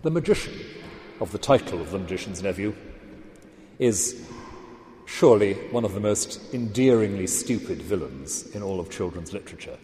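Deliberate male lecturer in an echoey hall. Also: fairly low pitch, lively intonation, warm tone. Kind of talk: literature lecture.

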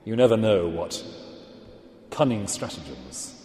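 A man giving a literature lecture, speaking deliberately and with emphasis. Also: lowish voice, sing-song, dark tone, echoey room, long reverb tail.

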